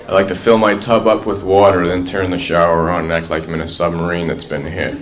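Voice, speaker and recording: A man delivering stand-up one-liners in a deadpan way. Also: sits low, brisk, roomy sound, very noisy. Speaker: comedian.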